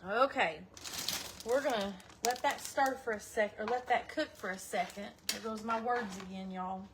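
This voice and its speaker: This casual cooking livestream features a middle-aged vlogger chatting in a folksy way from her home kitchen. Her medium-pitched voice is steady and moderately paced, over audible background noise.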